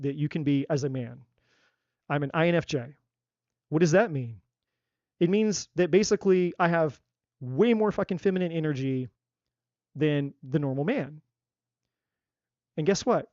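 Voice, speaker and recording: A man's voice: fairly high pitch, darkish tone, dry recording, lo-fi sound. A man giving a live tarot reading, talking emphatically in a repetitive style and swearing casually. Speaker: tarot reader. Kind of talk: live-stream spiritual talk.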